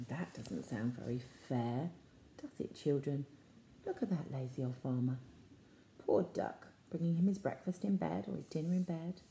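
A woman reads a picture book aloud to children, slow and unhurried with a lively, swooping delivery. Her voice is low and mellow, and she drops into soft whispers for asides. The room gives it a noticeable echo. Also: slight background noise. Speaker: storyteller for children. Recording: echoey room.

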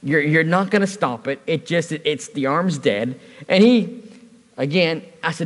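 Lively, animated man preaching in a hall. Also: a little high, moderate pace. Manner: conversational storytelling with humor. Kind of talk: sermon. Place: church service.

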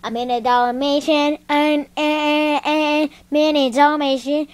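A woman's voice: medium pitch, unhurried, close to an everyday voice. A woman voicing a goofy male puppy who sings and rambles in a silly, sing-song way in a homemade puppet show.

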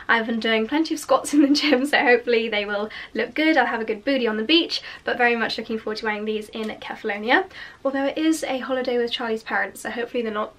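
Young woman, bit nasal from a cold, chatty and gushy, voice on the higher side. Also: quick pace, fairly bright tone. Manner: chatty, gushing about clothes. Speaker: fashion vlogger. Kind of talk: casual haul chat.

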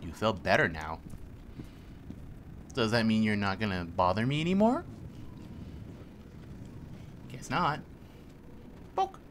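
A let's play host cracks sarcastic jokes as he plays a video game, his lowish voice very animated yet measured, with long pauses. Loud game music and sound effects fill the background.

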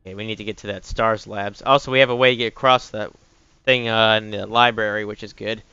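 A man's voice: on the low side, steady tone, brisk, bright, forceful tone, smooth, dull audio. A man streaming a horror game live, talking to himself, out of breath and swearing as he gets chased. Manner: jumpy, swears, yelps when chased. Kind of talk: live gameplay commentary.

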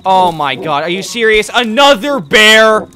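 A young man giving casual commentary while playing a video game, excitable and quick to yell and taunt the animals he fights. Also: high-pitched, soft background music. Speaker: gameplay commentator. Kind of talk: casual let's-play commentary.

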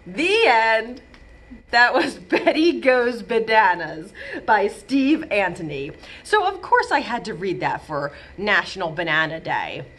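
A woman librarian reading a picture book aloud for babies, in an animated, sing-song storytime manner, sometimes acting out a toddler's wails and screams. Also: mid-range voice, slow pace. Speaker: children's librarian.

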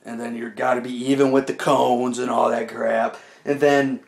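A man's voice: mid-range voice, flat delivery, moderate pace, gravelly. A young man telling a rambling, casual comic story to the camera, full of "like" and "you know" as he acts out moves.

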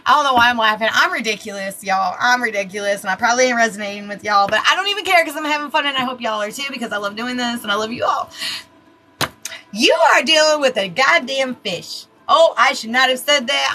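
A woman's voice: on the high side, fast, pushed and bright, soft background music, rough recording. A woman giving a casual tarot card reading, chatty and laughing at herself, with plenty of swearing. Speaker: tarot reader.

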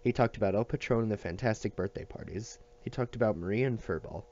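A man reading a novel aloud at a steady pace, with small slips and restarts. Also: on the low side, quick pace, dull audio. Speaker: audiobook reader.

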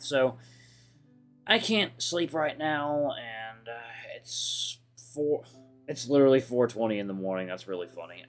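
Man, let's play host, hushed and rambling, late night at home, mid-pitched. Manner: hushed, rambling, kept quiet for sleeping roommates. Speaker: gaming channel host.

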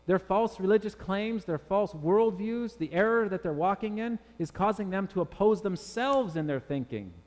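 A man's voice: high voice, expressive, normal speed, few pauses, darkish tone, big-room sound. A man preaching a sermon as pastor to his congregation, emphatic and full of rhetorical questions. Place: church sanctuary with congregation.

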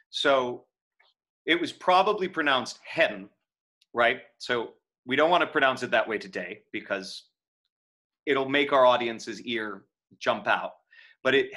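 A man lecturing acting students on verse in a bright, clear voice. He talks casually, filling pauses with "um" and checking in with "right?". He reads lines out in a steady, metronome-like beat. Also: mid-range voice. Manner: profane aside. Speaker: acting teacher.

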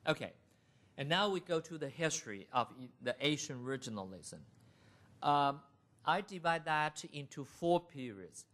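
A middle-aged man giving a university lecture in a deliberate manner, laying out his points as lists. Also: a little high, animated, a bit bright. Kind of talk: academic lecture.

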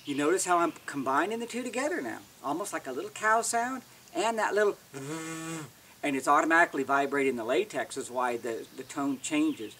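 A man's voice: on the high side, expressive, a little fast, distant mic, noisy background. A man giving a casual, plain-spoken how-to demonstration as an elk-calling instructor, often restarting words.

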